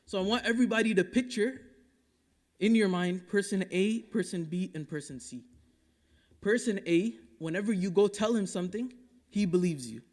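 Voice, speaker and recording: Male imam from Dallas, high voice, impassioned Friday sermon with quick Arabic recitation, long mosque-hall reverb. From Dallas, Texas. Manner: impassioned, rhetorical, swinging between loud urging and hushed asides; recites Quranic Arabic quickly between English explanation.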